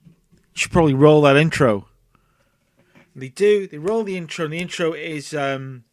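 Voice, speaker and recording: A man's voice: a little high, normal speed, long pauses, no echo, studio quality. A man hosting a casual let's play, chatty, narrating and acting out scenes. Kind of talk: casual game commentary.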